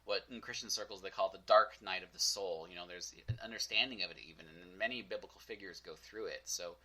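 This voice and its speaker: A man's voice: low voice, quick pace, sharp tone, poor audio. A young man hosting a podcast, telling a personal story in a candid, reflective way with many fillers. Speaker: podcast host.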